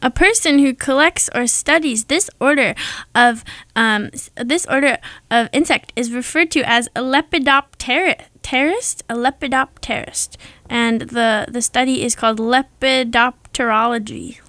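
A young woman hosting a radio show, her voice sitting a little high as she chats loosely and gushes over facts. The sound is close and dry, with no room around it. She stays casual and eager the whole way through. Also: normal speed, no room sound. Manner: chatty and excitable, gushing over facts. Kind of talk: casual on-air chat.

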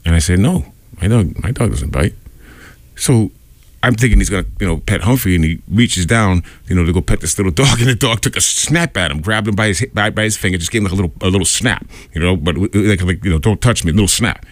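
Here a man hosting a radio show spins a rambling, filler-heavy anecdote at a quick pace, imitating the people he quotes. His voice sits low, and the recording has no room sound.

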